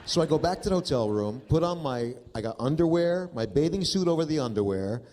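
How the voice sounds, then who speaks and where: A man's voice: a little high, animated, brisk, dark tone. A man in his fifties doing stand-up, telling stories in an exasperated, profane way. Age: 50s. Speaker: stand-up comedian. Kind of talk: stand-up comedy storytelling. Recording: noisy live recording.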